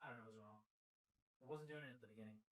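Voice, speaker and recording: A man's voice: on the low side, racing, a bit bright. A man hosting a podcast in a studio, chatting casually while troubleshooting a microphone that keeps peaking. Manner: fussing over audio levels, loose and chatty. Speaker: podcast host.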